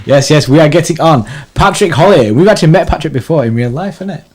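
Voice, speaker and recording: A man co-hosting a fan phone-in show, playful and quick to laugh. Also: fairly high pitch, animated, darkish tone, breathy edge. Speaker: co-host. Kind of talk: casual phone-in chat.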